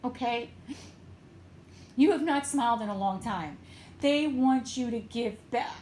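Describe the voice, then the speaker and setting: A woman tarot reader and medium giving an emotional, tearful reading with a slow, pleading delivery. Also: on the high side, a little mellow, reverberant, a little hiss or hum.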